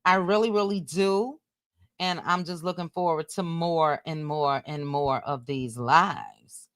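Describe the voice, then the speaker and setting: Woman livestream host, casual chatty delivery, slow pace, dry close sound. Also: sits low, no room sound. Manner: chatty, reads out loud while talking to viewers.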